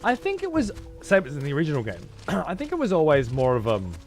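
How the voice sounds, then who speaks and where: A man's voice: a little high, huge pitch swings, fast, soft background music. A young man giving casual, profane commentary while playing a game and thanking viewers. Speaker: let's play streamer.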